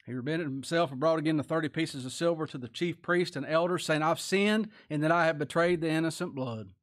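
A man preaching a sermon, reading scripture and speaking plainly, swinging between loud emphatic lines and quiet low asides. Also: fast. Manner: folksy plain-spoken grammar, reads scripture aloud.

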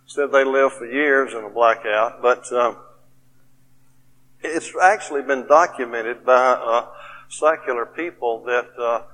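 A middle-aged male preacher tells his story to a conference crowd in a plain, folksy way, leaning on "you know" between phrases. His voice sits at an ordinary pitch for a man. The sound carries a long reverb from the hall. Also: fairly bright tone, slight background noise. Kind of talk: conference sermon with personal story.

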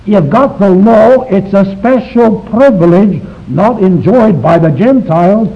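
A man's voice: high voice, animated, unhurried. A man teaching a Bible study to a live class, emphatic and full of rhetorical questions. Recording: dull lo-fi recording.

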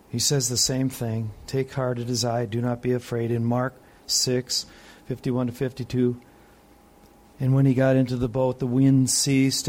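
A preacher teaching from the Bible alternates between excited, emphatic peaks and hushed, soft reflection. He reads scripture aloud and poses questions to his listeners.

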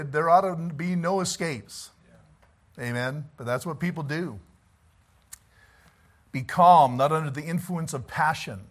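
A middle-aged man preaching a folksy sermon in church as pastor, talking conversationally with asides and chuckles, then pressing his points emphatically. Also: fairly high pitch.

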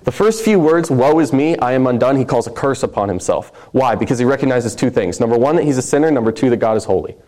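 Man, preacher, sermon, earnest and emphatic, mellow warm voice. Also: medium pitch, big pitch swings, fast, hardly any pauses. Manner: earnest, emphatic scripture reading.

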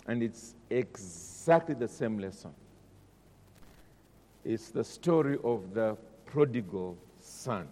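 A man preaching a sermon, dramatic, dropping to a hush and then rising loud. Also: lowish voice, expressive, slow, big-room sound. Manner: dramatic, swings between hushed and loud.

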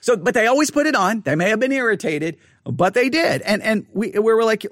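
A middle-aged man telling a story in a casual monologue, animated and acting out what people said, rising toward a shout when exasperated. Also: high voice, brisk, dry recording, clean studio sound. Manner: animated, acts out quotes, rises to near shouting when exasperated.

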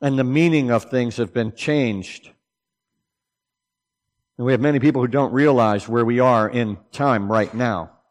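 A man preaching a sermon, swinging between loud, emphatic declarations and low, hushed asides. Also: unhurried, pauses often, in a large hall.

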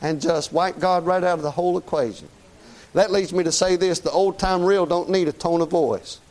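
A man's voice: high voice, fairly even intonation, normal speed, darkish tone. A man preaching a sermon in a folksy, conversational way, often asking "Amen?".

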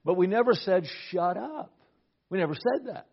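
A middle-aged pastor preaches a sermon in a husky voice that sits a bit high for a man, speaking animatedly at a quick pace. He shares a personal story and often repeats words as he begins a thought. The recording sounds dull and lo-fi.

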